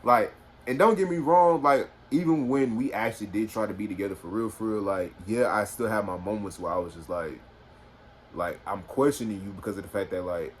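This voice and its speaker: A man's voice: lowish voice, brisk, a little hiss or hum. A young man, telling a personal story casually on a phone, rambling with lots of fillers. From Houston, Texas. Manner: rambling, filler-heavy, animated retelling. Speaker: vlogger.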